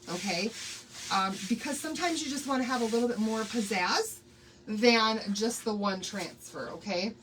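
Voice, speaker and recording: Woman, chatty craft tutorial host, high-ish voice, faint background hum. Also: far from the mic. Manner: bubbly, greets viewers by name, laughs often.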